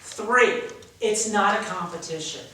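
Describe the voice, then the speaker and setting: Captured from across a large echoey room by a camera mic, a man with a high, sharp-toned voice speaks a little slowly, with slight hiss or hum. He's a drama teacher leading young actors, explaining exercises with energy and acting out feelings.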